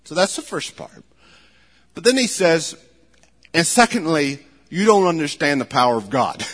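A man preaching a sermon, animated, rising to loud emphasis and dropping to quiet asides. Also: on the high side, moderate pace. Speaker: pastor. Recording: long hall reverb.

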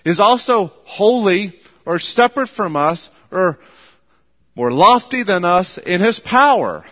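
A man with a high voice preaches a sermon in measured, emphatic phrases, stressing points by repeating words. His voice rings out with the long reverb of a large hall. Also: animated, fairly bright tone.

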